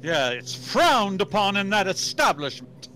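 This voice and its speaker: A man from Florida chatting casually on a flight sim stream, teasing and quick to laugh. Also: high voice, sing-song, pushed and bright, soft background music. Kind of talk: casual chat.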